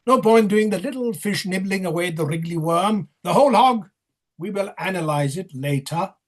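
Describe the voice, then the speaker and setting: A man playing a husky, mocking clown. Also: sits high, expressive, moderate pace. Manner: curt, mocking, bossy. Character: sardonic, domineering male clown interrogator. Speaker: actor in rehearsal. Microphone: video call.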